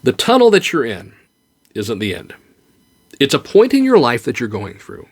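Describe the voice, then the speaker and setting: Man, podcast host, earnest, comforting, mid pitch, very animated intonation. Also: moderate pace, husky. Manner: earnest, comforting, with light joke telling. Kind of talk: heartfelt encouraging monologue.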